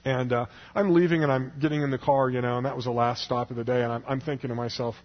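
A man's voice: medium pitch, steady tone, fast, hardly any pauses, lo-fi sound. A man telling a personal story to a crowd in a rambling way, full of "you know"s and restarts. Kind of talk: storytelling talk.

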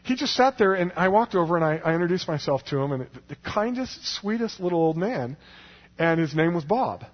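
A man's voice: sits high, animated, a little fast, husky, highs cut off. A man telling a personal story to a crowd in a rambling way, full of "you know"s and restarts. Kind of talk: storytelling talk.

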